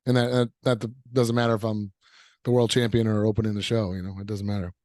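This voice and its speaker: A man's voice: lowish voice, level tone, fast, a little mellow, dry recording. Easygoing upbeat man, dry close sound. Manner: upbeat and easygoing, rambling with fillers. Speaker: professional wrestler guest. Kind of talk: casual interview answers.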